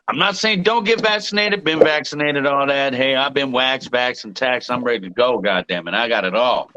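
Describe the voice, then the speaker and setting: A man's voice: mid-range voice, pushed and bright, lo-fi sound. A man co-hosting a podcast, bantering in casual chat with heavy swearing. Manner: profane, emphatic banter. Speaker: podcast co-host.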